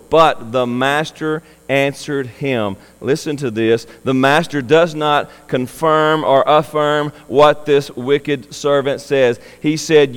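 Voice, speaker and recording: A man's voice: mid-range voice, fairly even intonation, slow pace, hardly any pauses, smooth, big-room sound, rough recording. A man preaching a sermon in an earnest, pleading manner that rises to impassioned emphasis. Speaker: pastor.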